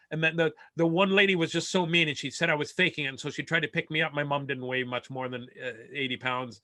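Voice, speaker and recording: Over a video call, a comedian with a fairly high, bright voice spins a long funny story about his family, rambling, stammering through restarts and laughing at his own punchlines. He speaks quickly with hardly any pauses and fairly even intonation. The audio is dry and close, with no room sound.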